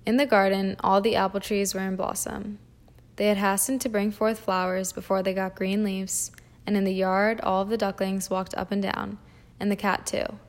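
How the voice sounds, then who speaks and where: A woman reading a fairy tale aloud at a measured pace, with small slips and restarts. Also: mid-range voice. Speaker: audiobook reader. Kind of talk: storybook reading.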